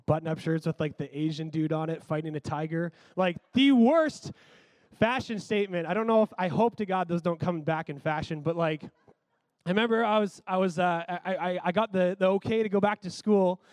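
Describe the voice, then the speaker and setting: Man with a high voice, close and dry, for a chatty, animated sermon story. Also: brisk, dry recording. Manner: animated, conversational, frequent "like".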